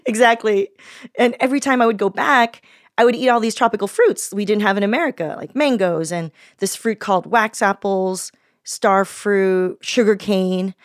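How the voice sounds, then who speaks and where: A woman host with a mid-range voice, recorded dry and close. She was born in Taiwan and raised in America. She speaks in a chatty, expressive, openly emotional way in a relaxed interview. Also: medium pitch, moderate pace, clean tone, no echo. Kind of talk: casual conversational interview.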